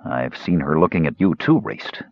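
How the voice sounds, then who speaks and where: A man's voice: deep voice, sing-song, normal speed, husky, no room sound, lo-fi sound, full character voice. A man voicing a big, simple-hearted young male warrior in an audiobook, plain and earnest, a bit defensive. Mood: subdued. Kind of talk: audiobook character voice.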